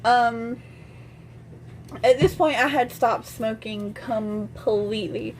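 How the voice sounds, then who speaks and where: A woman's voice: fairly high pitch, unhurried, slight background noise. A young adult woman vlogger casually telling a personal story, chatty and full of "and I'm like" retellings.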